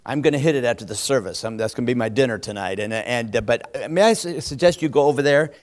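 A man preaching as a visiting speaker, joking and poking fun at himself as he stumbles over his words and grows louder and livelier. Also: medium pitch, quick pace. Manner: jokey, self-deprecating, stumbling over words; growing louder and more animated as he goes. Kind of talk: sermon with humorous asides.

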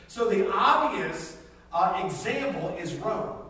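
A man preaching a sermon in a conversational, animated way, telling stories and acting out scenes in different voices. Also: sits high, moderate pace. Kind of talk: sermon with storytelling. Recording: very echoey hall, distant mic, faint noise.

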